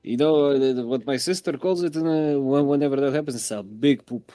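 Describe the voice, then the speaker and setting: A man's voice: mid-range voice, fairly quick, warm tone, dry recording, faint music behind. Easygoing guy playing a tabletop game. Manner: joking, easygoing, thinks aloud. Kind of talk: casual game chat.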